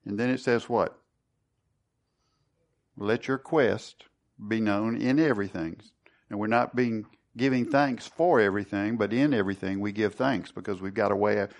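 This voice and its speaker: A man leading a Bible study sermon, earnest and conversational, who often restarts and repeats words. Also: medium pitch. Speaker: Bible teacher.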